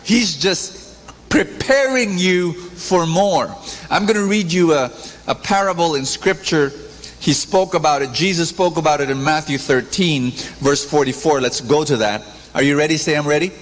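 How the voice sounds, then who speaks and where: A preacher giving a lively sermon, acting out stories and calling for audience responses. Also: male voice, moderate pace. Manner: animated storytelling, acts out characters with big pitch swings. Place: large church. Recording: reverberant church hall, faint background noise.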